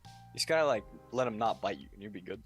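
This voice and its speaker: A man's voice: lowish voice, expressive, fast, fairly bright tone, soft background music. A man co-hosting a stream, bantering casually in slang from off the mic. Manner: slangy, off-mic, says bro a lot.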